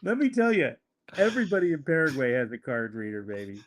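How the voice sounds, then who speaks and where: A man appearing as a podcast guest, speaking in a halting, wry and jokey way in casual conversation. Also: medium pitch, sing-song, a little hiss or hum.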